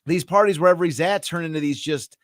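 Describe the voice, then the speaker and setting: A man's voice: fairly high pitch, quick pace. A man co-hosting a podcast, rambling through stories with many fillers and reading passages aloud. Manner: rambling, hesitant, lots of fillers. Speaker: podcast co-host. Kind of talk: casual chat, reading from a book.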